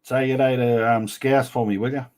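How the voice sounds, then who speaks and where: This livestream host has a mid-range, slightly mellow voice with fairly even intonation and a normal pace. On a casual stream, he reads viewer comments aloud and fires back with blunt, teasing banter packed with slang.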